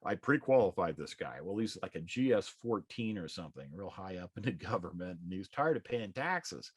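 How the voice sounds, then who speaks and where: In a live class, a middle-aged man who teaches real estate exam prep spins a folksy anecdote, performing the dialogue himself. He speaks animated and a little fast in a low, slightly rough voice, recorded dry with clean studio sound.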